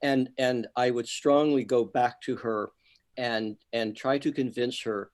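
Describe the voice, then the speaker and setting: A man at a photography club meeting gives feedback on a member's picture. He talks in bursts, stumbling over words and circling back to repeat himself. His voice sits in an ordinary middle pitch. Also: fairly even intonation. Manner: halting, repeats words, enthusiastic. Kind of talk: casual club discussion.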